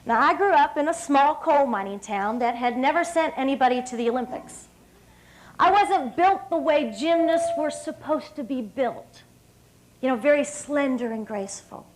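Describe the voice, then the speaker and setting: Woman in her thirties from West Virginia, high and bright; upbeat, emphatic storyteller giving a podium speech. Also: animated, normal speed, poor audio. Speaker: hall of fame speaker. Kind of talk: public speech. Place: stage at an evening banquet.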